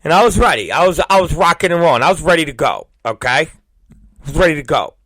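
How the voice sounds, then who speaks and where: Crude, animated forty-something man host. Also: a little high, fast, dry recording. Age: 40s. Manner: vulgar, repetitive, bursts into shouted exclamations. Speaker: podcast host. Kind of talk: crude comedic monologue.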